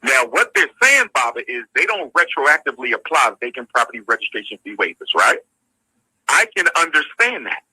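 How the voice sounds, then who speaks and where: A man in an interview, explaining a sequence of events in a measured way. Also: medium pitch, very animated, bright, forceful tone, slightly rough, dry recording, low-quality recording. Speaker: interview guest.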